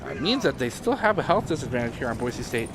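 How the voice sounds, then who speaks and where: Male color caster, mid pitch, analytical, noisy feed. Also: sing-song, quick pace. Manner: analytical, with filler "uh"s. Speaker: esports caster. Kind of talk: color commentary. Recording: noisy background.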